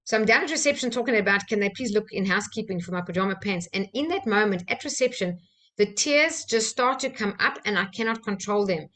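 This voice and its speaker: A woman, a personal-development trainer from South Africa, telling a candid personal story with soft laughs and fillers. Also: mid-range voice, animated, fairly quick.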